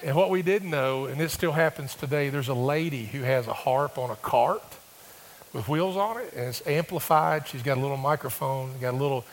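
A male pastor, preaching a sermon and telling stories that rise to emphatic, excited bursts. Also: mid-range voice, normal speed, big-room sound, slight background noise. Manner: storytelling, rising to emphatic bursts.

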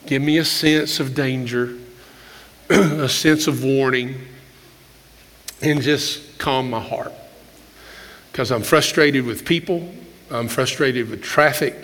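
Older pastor in a reverberant hall. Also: male voice, medium pitch, fairly bright tone. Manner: candid storytelling, frequent throat clearing, repeated restarts. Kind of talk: conversational sermon. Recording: long reverb of a large hall.

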